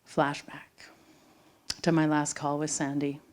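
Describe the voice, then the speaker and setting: A middle-aged woman telling a personal story live on stage to an audience, dramatic and swinging from loud bursts to hushed whispers. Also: sits low, flat delivery, takes it slowly. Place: theater stage before an audience.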